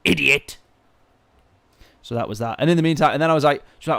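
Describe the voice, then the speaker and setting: A man streaming a racing game, telling a story in a ranting, exasperated way with sudden loud outbursts. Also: fairly high pitch, fast talker, creaky, pauses often, no echo. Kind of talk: casual live-stream chat.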